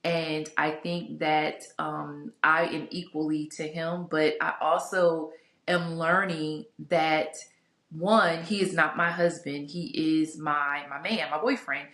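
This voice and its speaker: A candid, chatty woman speaks to her viewers in a casual vlog, her voice sitting a little low. She rambles warmly through asides and fillers. The sound carries a noticeable room echo. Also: steady tone, slow pace. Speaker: vlogger sharing a couples Bible study. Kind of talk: casual reflective talk to camera. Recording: echoey room.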